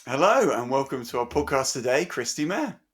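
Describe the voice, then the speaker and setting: A man's voice: medium pitch, very animated, brisk, husky. A man, a pastor co-hosting a podcast, chatting casually, stumbling over words and laughing heartily.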